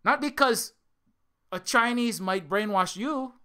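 A man's voice: very high-pitched, slow, bright, forceful tone, smooth. A man from Hawaii giving a heated unscripted monologue, repeating words and restarting his sentences. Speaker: video essayist.

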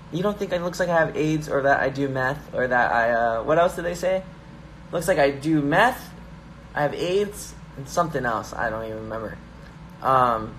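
Young male streamer, slightly high voice, hyper and jokey, phone mic with faint room hiss. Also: fairly bright tone. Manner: hyper, joking, reads viewer comments aloud. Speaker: YouTuber hosting a live stream. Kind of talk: casual live-stream chat.

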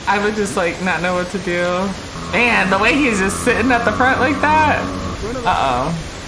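A woman's voice: mid-range voice, normal speed, noisy background. A young woman reacting live to an anime episode, exclaiming and gasping as she watches. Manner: excitable, frequent gasps and exclamations. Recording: loud show soundtrack playing under her voice. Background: anime episode music and dialogue.

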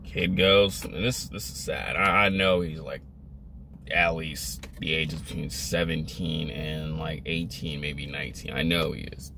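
A man's voice: extremely low pitch, fairly even intonation, unhurried, gravelly, bright, forceful tone, slight background noise. A young man vlogging a motivational rant, emphatic, repetitive and scolding.

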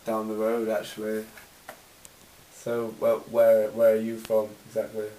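A man's voice: on the low side, completely flat delivery, a little slow, dark tone. A man playing a bemused customer in an amateur comedy sketch. He talks in a hesitant way and stammers over his words. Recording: roomy, distant camera mic, faint noise.

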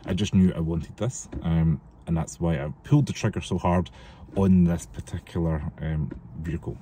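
A man's voice: low voice, normal speed, warm tone. A man from the UK chatting casually and rambling on his car vlog, recorded outdoors on a windy, cold day. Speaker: car vlogger. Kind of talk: casual chat.

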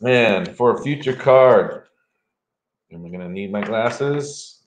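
A man's voice: fairly low pitch, animated, takes it slowly, slight background noise. A middle-aged man giving a live tarot reading for viewers, playful and joking between cards. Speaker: tarot reader. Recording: roomy echo.

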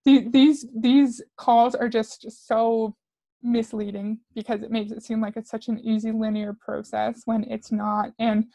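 A woman's voice: a little high, flat delivery, unhurried, creaky, dark tone, no room sound. A woman commentator reacting to clips with sarcastic, skeptical remarks. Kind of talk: critical commentary.

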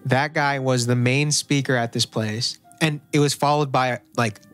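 A young man chatting on a podcast, retelling a story loosely with plenty of swearing. He talks at a mid pitch with animated energy. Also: normal speed, faint music behind. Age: young adult. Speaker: podcast co-host. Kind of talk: casual storytelling chat.

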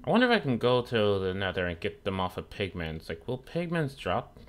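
A man's voice: on the low side, sing-song, brisk. A young man giving casual, profane commentary while streaming a game, trash-talking the mobs that attack him. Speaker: gaming streamer.

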